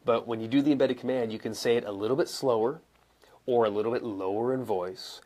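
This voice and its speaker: A young adult man coaching live viewers in a casual, conversational way, acting out examples with pauses and emphasis. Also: mid-range voice, a little mellow. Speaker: coach and speaker answering viewer questions. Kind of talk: live-streamed teaching. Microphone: camera mic, moves around and sits back down.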